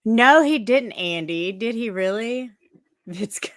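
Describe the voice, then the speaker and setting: A woman's voice: on the high side, lively intonation, slow, fairly bright tone, no room sound, studio quality. A woman co-hosting a casual livestream chat, laughing often, swearing and teasing.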